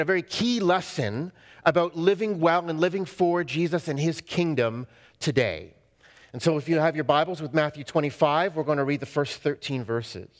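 A man preaching a sermon, telling a story with pauses and casual asides. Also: a little high. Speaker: pastor. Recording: long reverb of a hall.

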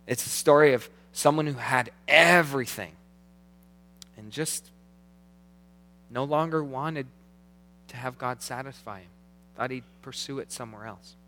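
A man preaching a sermon as pastor, earnest, slowing down to read scripture aloud. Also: mid-range voice, pushed and bright. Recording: long hall reverb.

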